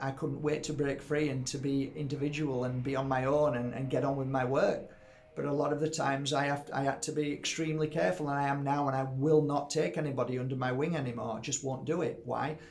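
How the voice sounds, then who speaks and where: A man's voice: medium pitch, vocal fry. A man in his fifties, an energy healer, talking earnestly and from the heart straight to his viewers in a candid monologue. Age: 50s.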